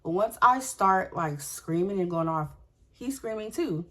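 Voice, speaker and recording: A young woman telling a storytime vlog. She is animated and profane and speaks straight to her viewers in a candid way. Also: medium pitch, measured pace.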